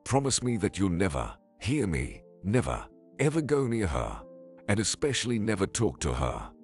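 A man voicing a worried young mother who speaks softly and pleads. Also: on the low side, wildly swooping pitch, normal speed. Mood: anxious. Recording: faint music behind.

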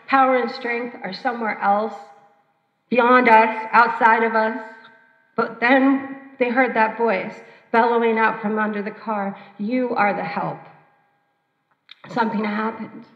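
A woman performing a personal story at an open mic, measured and reflective, with dramatic pauses. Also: a little high, fairly even intonation. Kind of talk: spoken-word personal storytelling. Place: church hall. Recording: roomy, dull church hall recording.

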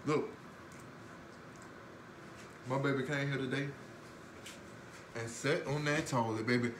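A man's voice: mid-range voice, fairly even intonation, slow, echoey room, noisy background. A man, co-hosting a couple's cooking show, joking and teasing his partner through a playful cooking demonstration in a home kitchen. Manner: playful, teasing, loud bursts of laughter.

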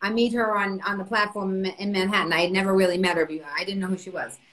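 A middle-aged woman comedian telling stories in casual podcast chat, animated and profane. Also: mid-range voice, fast, poor audio. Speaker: comedian guest.

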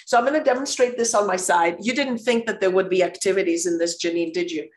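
Woman presenter, Greek native speaker, upbeat webinar delivery, mid-pitched voice, video-call mic. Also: fast talker. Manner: energetic, conversational, with frequent fillers and restarts. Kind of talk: live online workshop presentation.

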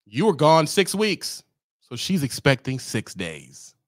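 Animated, profane trucker ranting. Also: male voice, a little high, takes it slowly, dry recording, clean studio sound. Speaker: trucker vlogger. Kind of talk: comic rant to camera.

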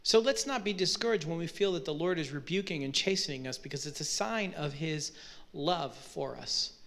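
A man's voice: a little high, expressive, normal speed, creaky, fairly bright tone. A man preaching a sermon, explaining Bible verses in a conversational way with frequent rhetorical questions. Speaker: pastor.

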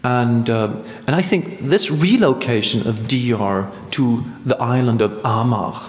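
A man giving a live lecture-performance, rambling and halting with wry asides. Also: medium pitch. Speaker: performance artist. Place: art museum hall. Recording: echoey hall with long reverb.

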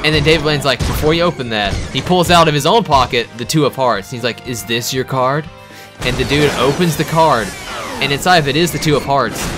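A man giving excitable, profane, jokey commentary while playing a video game. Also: on the high side, fairly quick, over music. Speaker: let's-play gamer.

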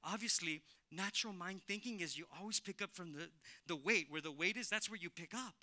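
Bright high-voiced male pastor. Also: a little fast. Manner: animated, emphatic, repeats phrases, laughs with congregation. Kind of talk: sermon with personal storytelling. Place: church sanctuary.

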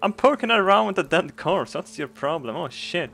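A man giving crude, comedic game commentary, laughing and breaking into excited outbursts. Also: high voice, normal speed, gravelly, faint music behind. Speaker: gaming commentator.

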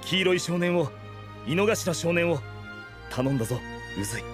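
A fiery young anime swordsman, voiced by a man, pouring out heartfelt words at a breakneck clip in a high voice. A faint score sits underneath. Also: expressive, fast talker, over music, lightly acted. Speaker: anime character in a Japanese dub. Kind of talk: anime voice acting.

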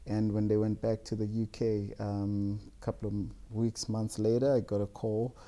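A young man, a guest telling stories in a relaxed, rambling way with many fillers. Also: fairly low pitch, normal speed. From South Africa. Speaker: guest, jeans designer. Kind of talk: casual storytelling interview.

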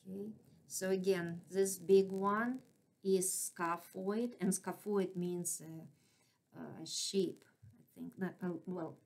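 A woman's voice: fairly low pitch, fairly even intonation, takes it slowly, darkish tone. A woman with a non-native English accent teaching anatomy, patiently naming structures and checking in with frequent questions. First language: not English. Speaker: anatomy instructor. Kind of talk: classroom lecture.

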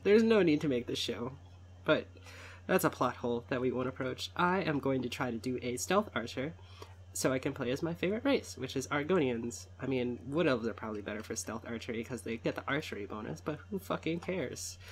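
A man's voice: mid-range voice, lively intonation, fairly quick, a little hiss or hum. A man in his twenties giving casual, rambling gameplay commentary, swearing and correcting himself often. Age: 20s. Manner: rambling, profane, self-correcting. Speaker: let's play host.

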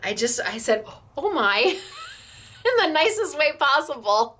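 A cheerful woman runs a craft shop's live demo. Her voice sits a little high, and she gushes over each product with easy laughter. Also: lively intonation, measured pace, a bit bright. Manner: bubbly, gushing, laughs often. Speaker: craft shop host.

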